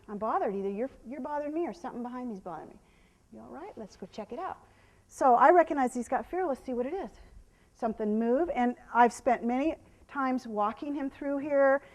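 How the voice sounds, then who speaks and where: A woman horse trainer giving a live demonstration, explaining to viewers and softly praising the horse, sometimes dropping to a hush. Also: high voice. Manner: drops to a hushed whisper when calming the horse.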